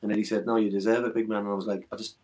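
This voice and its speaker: A middle-aged man talks through old memories in a relaxed interview. His voice sits low, and his stories come out earnest, emotional and a little rambling. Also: rapid-fire, low-quality recording. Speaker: former footballer, interview guest. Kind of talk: casual reminiscing interview.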